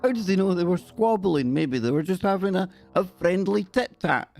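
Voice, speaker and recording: A man's voice: sits high, lively intonation, moderate pace, creaky, hardly any pauses, a little mellow, faint music behind. A man hosting a live stream, reading odd news stories in a cheeky, joking way and often breaking into laughter.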